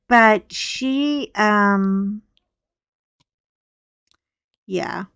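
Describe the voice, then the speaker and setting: Middle-aged female host, casual coloring chat; unhurried delivery, blunt and gossipy, dry room. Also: medium pitch, no room sound. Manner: gossipy, frank storytelling.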